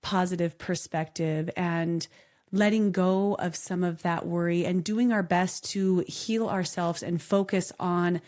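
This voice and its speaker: A woman's voice: fairly low pitch, fairly even intonation, unhurried, a little mellow. A woman co-hosting a podcast, chatting candidly and telling stories with laughter and animation. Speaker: podcast co-host. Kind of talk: casual podcast chat.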